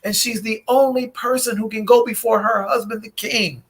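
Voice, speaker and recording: A man hosting a late-night relationship chat who greets viewers by name and tells a Bible story in an animated, preaching style, acting out voices. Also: high voice, moderate pace, husky. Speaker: host, relationship coach.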